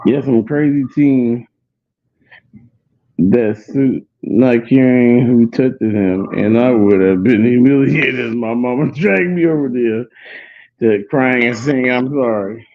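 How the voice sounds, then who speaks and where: A man's voice: mid-range voice, takes it slowly. A man hosting a show, telling a childhood story in a rambling, repetitive way and laughing hard. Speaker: show host. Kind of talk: casual storytelling chat. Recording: tinny phone-like sound.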